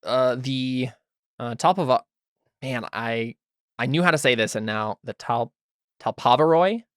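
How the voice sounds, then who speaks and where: A man's voice: medium pitch, unhurried, fairly bright tone, smooth, dry recording, studio quality. A man running a tabletop role-playing game, talking loosely with many fillers and asking the players what they do. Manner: loose, filler-heavy, asks players questions. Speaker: game master.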